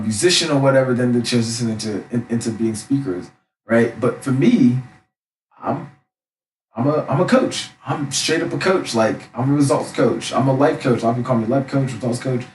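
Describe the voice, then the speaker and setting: A young man who coaches, talking loudly and passionately in a casual monologue, often tagging his sentences with a question. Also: medium pitch, a little hiss or hum. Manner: loud and passionate; frequent tag questions. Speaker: life coach. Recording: roomy, mic at a distance.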